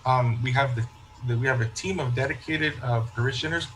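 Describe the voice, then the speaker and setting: A man of medium pitch, a parish priest in a relaxed interview, recounting his experiences with an easy storytelling manner. He restarts his phrases often and slips into voicing the people in his stories. A faint noise sits behind him. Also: brisk, rough recording. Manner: storytelling, acts out quoted remarks, frequent restarts. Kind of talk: casual interview chat.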